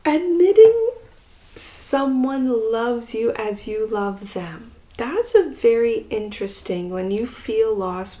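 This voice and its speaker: Slow, musing woman reading tarot. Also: fairly high pitch. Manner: slow, musing, with soft trailing phrases. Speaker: tarot reader. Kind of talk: pick-a-card tarot reading.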